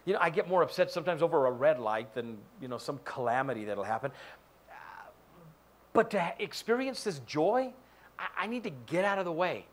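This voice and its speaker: Lively, animated male pastor preaching. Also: a little high, fairly quick. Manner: animated, jokey, acts out quoted voices. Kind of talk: sermon. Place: church sanctuary.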